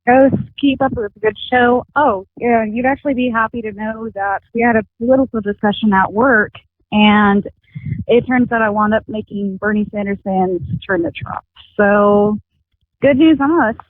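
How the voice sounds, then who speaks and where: A woman's voice: on the high side, moderate pace, dry recording. A woman calling in to a radio show and chatting in an upbeat way. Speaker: caller. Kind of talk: phone-in chat. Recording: dry tinny phone line.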